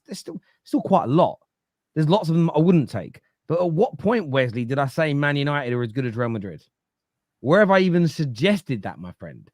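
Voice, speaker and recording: A man's voice: medium pitch, no room sound. Opinionated man in a football fan debate. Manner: opinionated, reads out viewer comments and rebuts them. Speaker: football podcast panelist, fan of his club. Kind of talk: casual fan podcast debate.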